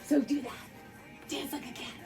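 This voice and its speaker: A woman's voice: sits high, fairly even intonation, moderate pace, over music. A woman teaching children a dance storytime from her basement, playful and encouraging, laughing often and making animal sounds. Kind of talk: guided movement storytime for kids. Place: home basement.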